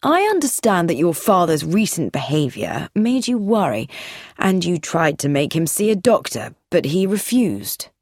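A woman voicing a calm, probing police inspector who questions in a measured, persistent way. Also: lowish voice, no room sound, clean studio sound.

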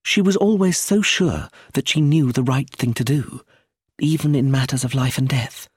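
A man voicing a tense young woman of a wealthy family, speaking earnestly and uneasily in a raised, husky storybook voice. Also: mid-range voice, moderate pace, no room sound, clean studio sound, pitched above the performer's own voice, lightly acted. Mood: reflective. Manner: earnest, uneasy, quietly intense.

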